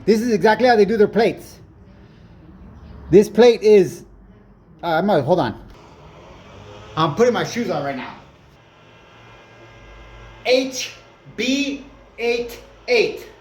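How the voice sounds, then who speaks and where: A tired man giving profane, confrontational street commentary while filming cars and slowly reading out their plates on a phone camera. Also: high-pitched, darkish tone, a little hiss or hum.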